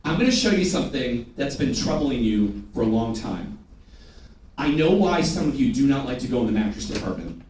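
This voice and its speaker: A man giving a lively sales training to a live audience, prompting them to repeat after him and teasing them. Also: medium pitch, brisk, slight background noise. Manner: energetic, call-and-response with the audience; teasing, loud bursts. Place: large training room before an audience. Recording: echoey room recorded from far off.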